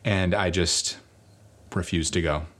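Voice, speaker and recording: A man preaching a sermon, telling a personal story in a lively way and joking about himself. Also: low-pitched, slow. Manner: animated storytelling, self-mocking humor. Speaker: pastor.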